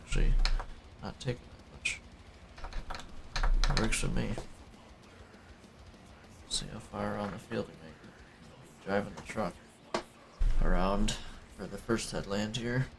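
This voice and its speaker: A man giving casual, low-key commentary as he plays a farming game, often muttering to himself. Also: slow, gravelly, long pauses, background noise. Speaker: streamer playing a farming game.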